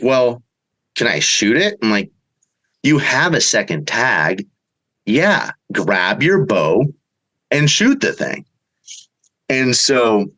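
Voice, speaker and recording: A middle-aged man, a bowhunter guest, telling a story in a casual way and acting out the quotes with big jumps in pitch. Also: a bit bright, rough recording.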